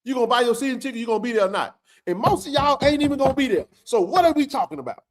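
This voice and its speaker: Male stream host, high and lively voice, fiery preachy rant. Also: rapid-fire, slight background noise. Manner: fiery, preachy, colloquial, repeats himself for emphasis. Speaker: host of a college football show. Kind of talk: animated livestream rant.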